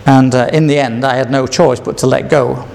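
A man's voice: medium pitch, fairly even intonation, normal speed, creaky, a little mellow, a little hiss or hum. An older man telling a rambling personal testimony, repeating himself and chuckling between memories. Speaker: speaker sharing his testimony.

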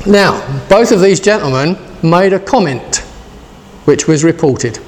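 A man's voice: on the high side, animated, a little slow, a little hiss or hum. A man in his sixties preaching a casual, chatty sermon and asking his listeners questions. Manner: chatty, asks the congregation questions.

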